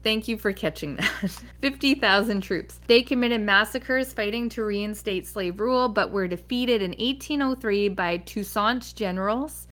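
Woman podcast host going through history, chatty, fixes her own slips, mid pitch. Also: fairly bright tone. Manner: chatty, self-correcting, jokes about her own slips. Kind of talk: casual history storytelling.

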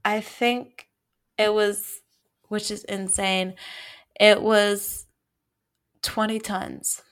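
A woman co-hosting a podcast in casual chat, measured and reflective, drawing out her phrases. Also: mid-range voice, level tone, fairly bright tone. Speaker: podcast co-host.

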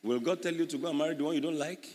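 Emphatic Nigerian preacher in a hall. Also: male voice, on the high side, rapid-fire, darkish tone. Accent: Nigerian English. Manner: emphatic, teaching, acts out scenes. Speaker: pastor. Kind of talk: sermon. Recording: echoey hall.

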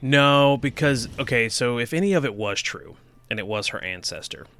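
A man's voice: medium pitch, animated, moderate pace, fairly bright tone. A man co-hosting a casual podcast, joking and chatting loosely, breaking into silly put-on voices now and then. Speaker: podcast co-host. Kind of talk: casual chat.

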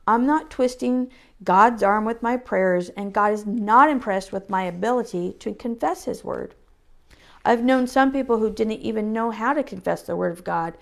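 A woman reading a Christian devotional book aloud in an earnest, measured way. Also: medium pitch, gravelly.

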